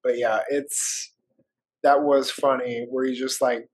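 A man's voice: mid-range voice, flat delivery, slow pace, breathy edge. Male co-host, mid-range voice, dry humor, casual chat. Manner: dry, joking asides. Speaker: podcast co-host. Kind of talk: casual book discussion.

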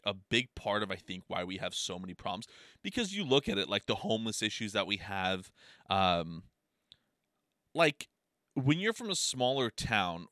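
A man's voice: medium pitch, dry recording, clean studio sound. A man telling a story in a casual, rambling monologue, swearing a lot and filling his talk with "like" and "you know.". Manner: profane, heavy filler words, rambling; animated storytelling with laughs.

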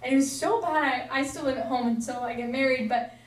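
A woman's voice: sits high, fairly even intonation, fairly quick. A young woman giving a casual, earnest sermon, chatty and full of fillers. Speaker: preacher. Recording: echoey room, voice from far off.

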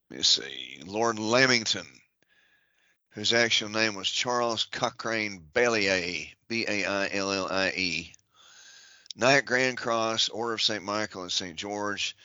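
A man's voice: on the low side, pushed and bright, dry recording, lo-fi sound. A man on a podcast reading out a long list of titles and offices, breaking it up with dry joking asides. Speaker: podcast guest.

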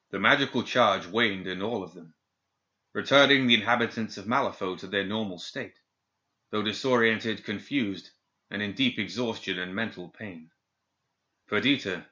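A man reading a fantasy novel aloud in a steady, measured storytelling manner. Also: on the low side, lo-fi sound. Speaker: audiobook narrator. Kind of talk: scripted fantasy narration.

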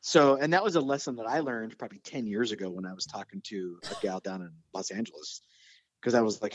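Fast and fairly low-pitched, a man hosting a podcast tells stories in a casual chat, getting excited and nerdy about his subject matter. The audio is dull.

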